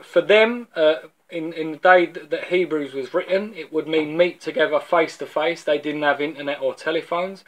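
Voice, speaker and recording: Male preacher with a London accent and a fairly high voice, casual and storytelling, restarts often. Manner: conversational storytelling, repeats words as he restarts. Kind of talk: informal video sermon.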